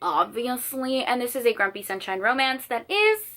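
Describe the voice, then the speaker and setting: Bubbly bright-voiced young woman. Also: fairly high pitch, very animated, normal speed. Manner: bubbly, gushing, dramatic storytelling. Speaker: book vlogger. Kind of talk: chatty book haul vlog. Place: sitting on the floor of her room.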